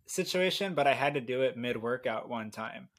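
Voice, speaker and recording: A relaxed man co-hosts a podcast in a mid-pitched voice. He talks casually, trading stories with his friends. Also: normal speed. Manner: relaxed, laughs along. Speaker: podcast co-host. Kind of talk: casual chat.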